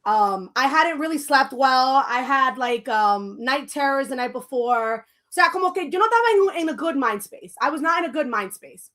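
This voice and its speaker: Woman, podcast co-host, high voice, chatty bilingual storyteller who acts out every quote. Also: lively intonation, moderate pace, few pauses, bright, forceful tone. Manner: switches between English and Spanish mid-sentence. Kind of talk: casual chat, telling a story.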